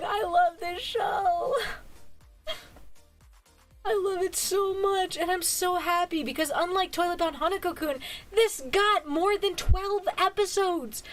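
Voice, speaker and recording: A tired woman streamer recapping a manga in casual chat, gushing, laughing often and swearing freely. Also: very high voice. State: tired, yawning. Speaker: virtual streamer reviewing manga.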